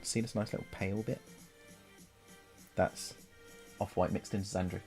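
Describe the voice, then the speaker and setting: A man's voice: sits low, steady tone, creaky, over loud music. A man, casually chatting and laughing on a live stream while painting miniatures. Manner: chatty and playful, quick to laugh.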